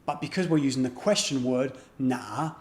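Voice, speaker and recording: A man teaching a beginner language lesson, explaining patiently and repeating example phrases slowly and carefully. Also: medium pitch, darkish tone, echoey room.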